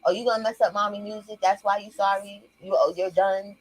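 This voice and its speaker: With a steady, mid-range voice that runs a little fast and has no echo, this young livestream host chats from home. Her commentary is profane and loose, addressed to viewers as y'all, with her young child close by.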